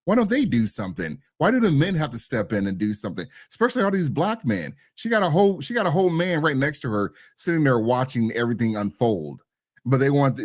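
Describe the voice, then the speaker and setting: A man's voice: mid-range voice, no echo, studio quality. A man co-hosting a podcast, talking bluntly and animatedly with loose slang. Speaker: podcast co-host. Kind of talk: casual podcast chat.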